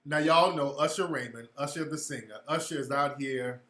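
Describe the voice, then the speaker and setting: A man's voice: on the high side, moderate pace, bright, forceful tone, echoey room. A man hosting a livestream, ranting casually in blunt, profane street talk to his viewers. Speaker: livestream host.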